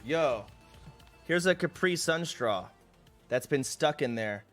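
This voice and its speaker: A man's voice: a little high, animated, slow, fairly bright tone, soft background music. A young man livestreaming from home, chatting casually and swearing freely, laughing at himself as he reads things aloud. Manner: loose, profane, laughs at himself. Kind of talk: casual stream chat. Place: home streaming room, indoors.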